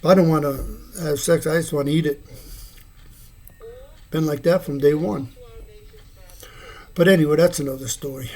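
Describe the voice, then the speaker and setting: A man's voice: fairly high pitch, steady tone, moderate pace, pauses often, warm tone. A man in his sixties rambling through a loose, free-associating monologue at home, often chuckling between thoughts. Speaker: video blogger. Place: his home, living room.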